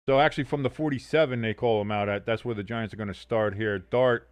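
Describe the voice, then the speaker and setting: A mid-pitched man calls a football game on a casual livestream, trading sardonic, profane jokes with his chat between plays. He is close to the mic in a dry room. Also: brisk, clean tone, no echo. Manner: sardonic, swears a lot, reads chat aloud. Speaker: sports stream host. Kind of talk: casual watch-along commentary.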